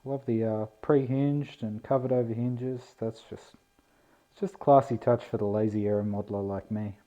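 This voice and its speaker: A man's voice: lowish voice, steady tone, moderate pace, dark tone. A man giving a laid-back, self-deprecating unboxing commentary on a model plane, indoors on a camera mic. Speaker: RC plane hobbyist vlogger. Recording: dull lo-fi camera audio.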